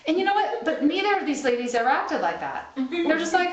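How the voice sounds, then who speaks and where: A woman's voice: sits high, very animated, brisk, hardly any pauses, fairly bright tone. A middle-aged woman speaker giving a live sermon to a small group, talking conversationally, laughing often and checking in with "right?". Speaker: spiritual speaker. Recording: roomy live stream recording.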